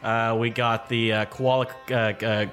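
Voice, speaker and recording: A man's voice: mid-range voice, little pitch movement, a little slow, over music, voice pushed down, natural voice. Man doing a menacing Australian barman. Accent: put-on Australian. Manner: threatening, stalls with fillers while inventing drinks. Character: menacing male bar owner with an Australian accent.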